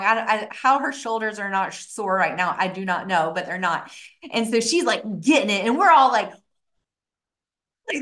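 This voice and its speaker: A woman host telling a story on a group call, animated, acting out quoted voices and sometimes dropping to a soft hush. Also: mid-range voice. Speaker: host leading a retreat.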